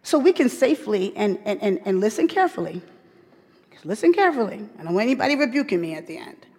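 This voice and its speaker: A woman delivers a sermon with emphatic repetition, dropping from loud, pointed questions to near-whispered asides. Her voice is a little husky. A long reverb from a large hall trails each phrase. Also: mid-range voice, sing-song, quick pace. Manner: emphatic, repeats key phrases, swings from loud to hushed. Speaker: women's Bible teacher.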